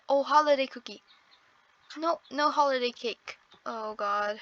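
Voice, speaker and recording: A woman's voice: high voice, measured pace, a bit bright, dry recording, lo-fi sound. A woman giving casual gameplay commentary on her first video, nervous and apologetic, exclaiming often. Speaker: first-time gaming video creator.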